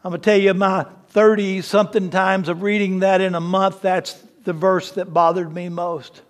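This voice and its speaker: A man preaching a sermon as lead pastor, chatting with the congregation and then slowing and rising hard on key words. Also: sits high, flat delivery. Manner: emphatic preaching, slows and rises on key words; conversational asides to the congregation.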